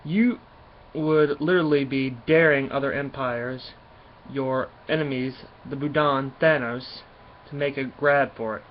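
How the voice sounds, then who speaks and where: A man's voice: medium pitch, fairly even intonation, unhurried, highs cut off, slight background noise, lightly acted. A man reading the lines of a sarcastic grown son from a comic, in an everyday voice. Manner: sarcastic, read aloud from a comic. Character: defiant grown son, sarcastic space adventurer.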